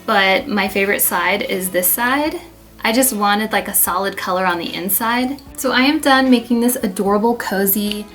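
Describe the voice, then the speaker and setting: A woman's voice: medium pitch, moderate pace, fairly bright tone, soft background music. Gushing young woman crafting vlogger. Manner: gushing, enthusiastic, chatty. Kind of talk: casual DIY tutorial chat.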